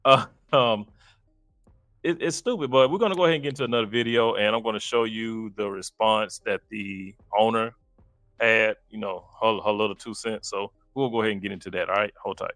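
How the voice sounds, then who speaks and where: A man's voice: on the low side, fairly even intonation, fairly quick, a bit bright, dry recording. Guy from dallas doing a reaction vid, chatty and fed up, dry close mic, faint music under. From Dallas, Texas. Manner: chatty, exasperated asides to viewers. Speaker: commentary channel host. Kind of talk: casual reaction commentary.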